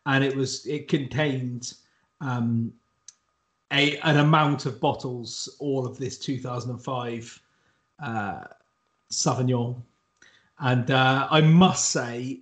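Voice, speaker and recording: A man's voice: medium pitch, steady tone, slow pace. Jokey West Country man hosting. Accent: West Country English. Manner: jokey, rambling, self-mocking. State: a bit tipsy. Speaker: podcast host. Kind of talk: casual banter.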